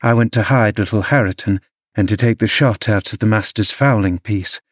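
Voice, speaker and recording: Man, audiobook narration, measured storytelling, lowish voice, dry close sound. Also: no echo. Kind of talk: scripted narration.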